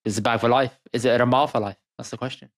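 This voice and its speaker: A man's voice: mid-range voice, steady tone, very fast. A man co-hosting a podcast in casual chat, jokey and bantering, reading memes aloud. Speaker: podcast co-host.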